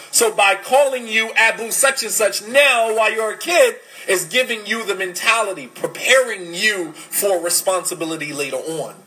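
A high, bright, forceful male voice delivers an Islamic lecture about parenting, emphatic and full of rhetorical questions. At times he shifts into quick Arabic recitation, and the recording is low quality.

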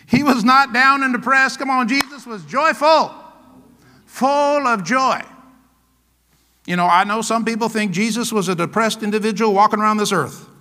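A man pastor preaching a sermon, animated and playful, acting out little scenes and laughing along. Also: high voice, moderate pace, pauses often, big-room sound.

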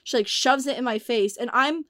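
A young woman casually telling a story in animated, profane bursts, acting out the voices she quotes. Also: a little high, moderate pace, no echo, clean studio sound. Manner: animated, swearing, acts out quotes. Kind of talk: casual chat.

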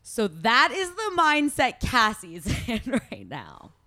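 A woman's voice: on the high side, huge pitch swings, slow pace, sharp tone, no room sound. A young woman co-hosting a podcast, chatting casually and laughing as she recaps a show. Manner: chatty, laughing, acting out quotes. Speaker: podcast co-host.

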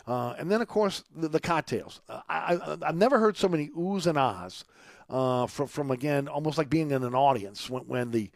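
A man's voice: a little high, expressive, moderate pace, creaky, dry recording. A man hosting a radio talk show, reading announcements and a sponsor ad, rambling with many fillers and restarts. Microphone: studio microphone.

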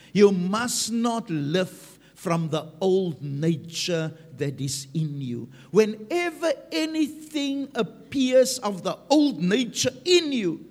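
A man's voice: high voice, gravelly. A man preaching a sermon with emphasis, punctuating his points with "Amen". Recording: long reverb of a large hall.

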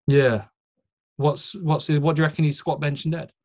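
A man's voice: a little high, steady tone, moderate pace, darkish tone. A young man hosting a podcast and coaching bodybuilders, chatting casually with rambling, joking banter and many fillers. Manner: self-mocking banter. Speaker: podcast host and physique coach.

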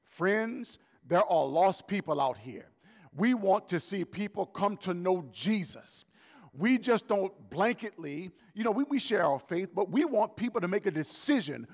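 A man preaching a sermon as pastor, emphatic and animated, repeating his points for effect. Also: high voice, a little slow, in a large hall.

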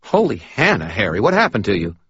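A man's voice: on the low side, wildly swooping pitch, a little fast, fairly bright tone, husky, no echo, dull audio, voice pushed up, exaggerated voice. A man voicing a jittery, fussy little male medical examiner who sputters in exasperation, in an audiobook. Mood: alarmed. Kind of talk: audiobook character voice.

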